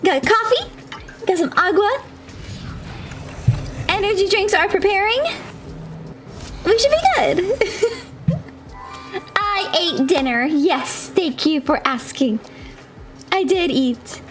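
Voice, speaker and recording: A woman's voice: very high voice, expressive, slow, long pauses, music in the background. A woman game streamer chatting casually with her viewers, bubbly and chatty, laughing often.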